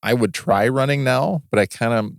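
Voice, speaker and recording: A man co-hosting a podcast in casual chat, telling stories in a rambling, halting way with many restarts. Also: medium pitch, no echo, clean studio sound. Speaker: podcast co-host.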